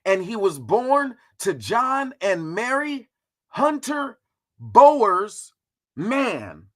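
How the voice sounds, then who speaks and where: A man with a somewhat high voice talks through history on a casual livestream. He is slangy and profane, and his delivery is animated, with big swings in pitch. He rides his jokes hard. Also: drawn-out words. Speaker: host.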